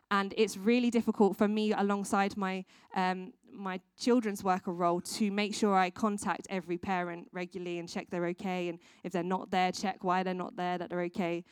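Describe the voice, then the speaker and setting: A children's worker with a smooth, mid-range voice gives a casual training talk to church volunteers, recorded in clean studio sound with no room sound. She's chatty, saying "um" a lot and restarting often.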